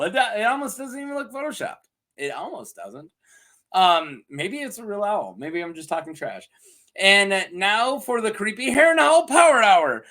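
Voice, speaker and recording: A man's voice: high voice, very animated, sharp tone. A man giving a casual scripted episode recap, often laughing and briefly acting out characters' lines. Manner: giggly, acts out characters in quick voices. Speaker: podcast reviewer.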